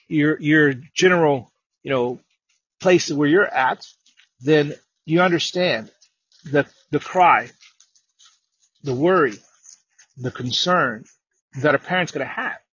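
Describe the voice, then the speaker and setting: A male preacher with a bright, forceful voice and a husky edge tells his story, often repeating himself. At times he climbs to loud, emphatic proclamations. His voice sounds close and dry. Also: a little high, no echo. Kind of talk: sermon.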